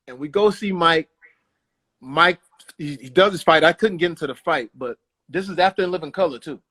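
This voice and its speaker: Man, high-pitched, animated storyteller, casual interview guest. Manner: animated, jumps into voices. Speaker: guest, comedian and actor.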